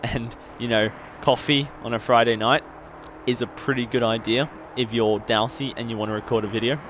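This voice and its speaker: A man's voice: medium pitch, fairly even intonation, moderate pace, fairly bright tone, a little hiss or hum. A young man from Australia with an Australian accent partly worn down by life in the UK, giving casual, hyper and self-mocking gameplay commentary that rambles and laughs often. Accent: Australian, partly worn down by years in the UK. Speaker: gaming YouTuber.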